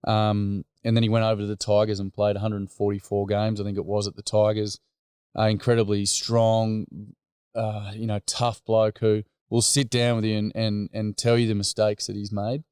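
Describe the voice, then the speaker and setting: Mellow, smooth-voiced Australian man. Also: on the low side, monotone, moderate pace, dry recording, studio quality. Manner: earnest, plain-spoken, rambling with many fillers. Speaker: guest, men's group leader. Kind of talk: casual conversation.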